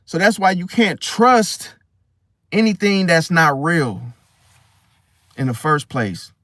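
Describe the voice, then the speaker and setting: A man's voice: fairly high pitch, sing-song, slow, fairly bright tone, no echo. A man giving a casual, preachy monologue about astrology, full of slang and rhetorical questions like "See?". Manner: slangy, blunt, swears casually. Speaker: astrology vlogger.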